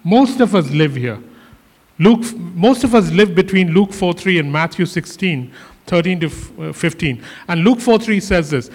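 A man's voice: sits high, lively intonation, moderate pace. A male pastor preaching a sermon in earnest, often repeating his phrases for emphasis. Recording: hall reverb.

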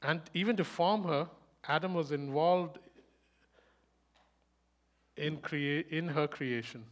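Fast, emphatic preaching man. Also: on the high side. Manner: emphatic, rhetorical questions, rises to loud bursts; speaks fast. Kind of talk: sermon.

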